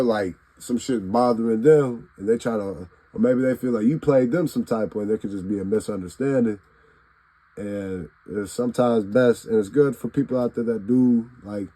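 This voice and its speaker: A man's voice: medium pitch, warm tone, poor audio. A man talking straight to his phone camera in a casual, profane, rambling rant, acting out what he would say to people. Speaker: vlogger.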